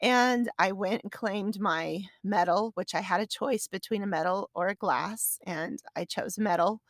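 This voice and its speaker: On her casual solo podcast, a woman with a medium-pitched voice recaps a long personal story at a moderate pace. She rambles, keeps starting over, and becomes tearful and emotional while telling it. The recording is dry and studio-clean.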